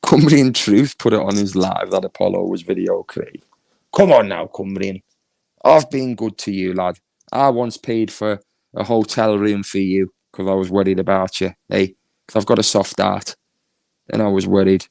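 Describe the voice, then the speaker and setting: A Northern English man on a live stream, his low voice gravelly and fried at the edges. He talks loosely and laughs a lot, answering chat as he goes, and the sound is close and dry. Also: normal speed, a little mellow, no echo. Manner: chatty, laughs often, reads chat aloud. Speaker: YouTube streamer.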